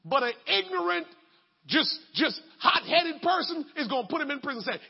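High-voiced, gravelly, emphatic male preacher. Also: big pitch swings, moderate pace, lo-fi sound. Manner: emphatic, colloquial, bursts into shouting. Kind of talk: sermon.

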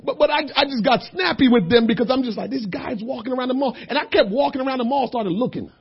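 A man preaching a sermon who tells a story, going from quiet talk to shouting. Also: extremely high pitch, fast talker, creaky, slightly rough, muffled recording.

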